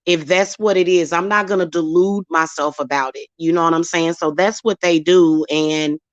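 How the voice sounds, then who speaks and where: A woman's voice: lowish voice, steady tone, normal speed, dry recording, lo-fi sound. A woman, talking bluntly and emphatically as host of her own spiritual channel. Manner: blunt, emphatic, slips into acted quotes. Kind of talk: casual chat to camera.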